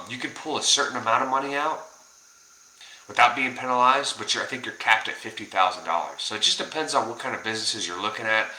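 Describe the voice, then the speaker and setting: A man with a lowish voice that comes out very forceful and sharp, talking casually to camera like a finance coach. He rambles and restarts, full of fillers, pushing his viewers to act. The room around him is echoey. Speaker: personal finance vlogger. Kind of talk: casual direct-to-camera talk.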